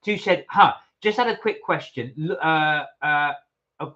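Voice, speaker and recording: A man co-hosting a casual live stream, reading out viewer comments in a chatty, animated way. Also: a little high, a little slow. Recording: dull lo-fi live stream audio.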